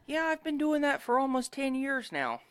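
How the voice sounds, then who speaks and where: A woman's voice: high voice, very animated, moderate pace. A woman in casual podcast banter, a podcast guest who throws in dry, teasing wisecracks.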